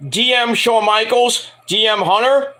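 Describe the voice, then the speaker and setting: A man's voice: very high voice, unhurried, pushed and bright. A man giving a casual review vlog, rambling and swearing, mocking people as he goes. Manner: rambling, profane, mocking rants. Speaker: wrestling show reviewer.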